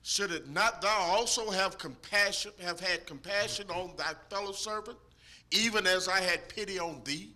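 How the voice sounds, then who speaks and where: Bright, high male scripture reader. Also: moderate pace. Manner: reads verse by verse, answers the preacher with "yes, sir". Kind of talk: reading scripture aloud in a sermon.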